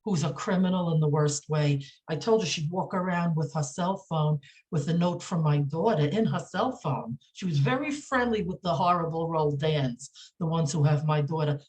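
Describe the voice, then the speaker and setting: A woman speaking as a podcast guest, indignant and emphatic, with halting speech full of fillers, restarts and repeated phrases. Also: deep voice, darkish tone. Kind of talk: emotional podcast interview.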